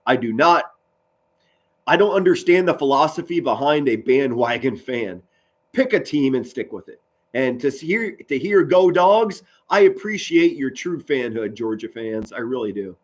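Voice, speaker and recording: A man, doing loud live football play-by-play and chatting with viewers. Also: medium pitch, normal speed. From Pennsylvania, US. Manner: loud, excitable, swings from mutters to shouts. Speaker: sports commentary streamer.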